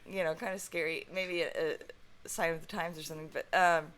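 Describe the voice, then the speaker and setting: A woman on a live stream telling stories casually, chatty and quick to laugh. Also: lowish voice, fairly even intonation, a crowd in the background. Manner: chatty, storytelling, breaks into laughter. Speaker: guest co-host.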